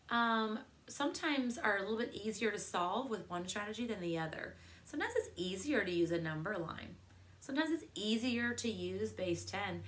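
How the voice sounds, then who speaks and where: A woman's voice: mid-range voice, a bit bright. A woman teacher leading a math lesson for second graders, asking many questions in an encouraging way.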